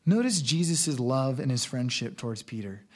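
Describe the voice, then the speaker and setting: A man's voice: medium pitch, lively intonation, normal speed. A man preaching a sermon in an earnest, exhorting way, moving between reading scripture aloud and urging his listeners on. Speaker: pastor.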